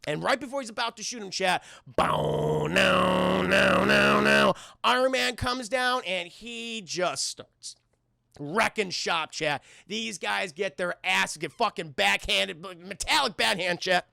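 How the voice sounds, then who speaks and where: A man with a New York accent giving a rapid, profane, animated film recap to his livestream chat. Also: sits high, vocal fry, dry recording, clean studio sound. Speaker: film review streamer.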